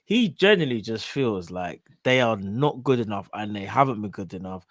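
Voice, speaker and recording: A man's voice: on the low side, animated, normal speed, a bit bright, no echo, studio quality. A man hosting a live call-in show, chatting casually in slang and hyping up his callers. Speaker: host.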